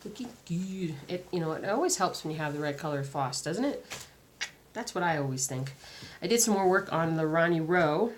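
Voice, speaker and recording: A woman's voice: low-pitched, animated, a little fast, a little hiss or hum. A woman with a sore throat and a weak voice, chatting casually and rambling with lots of fillers as a craft vlogger. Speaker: cross stitch vlogger. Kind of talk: casual chat.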